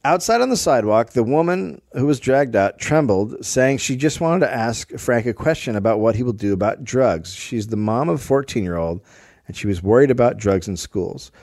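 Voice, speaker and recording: A man co-hosts a casual comedy history podcast, telling the story from his notes with wry asides. His delivery swings widely in pitch. The sound is close and dry, with no room in it. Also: expressive, moderate pace, a little mellow, no echo. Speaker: podcast co-host presenting the story.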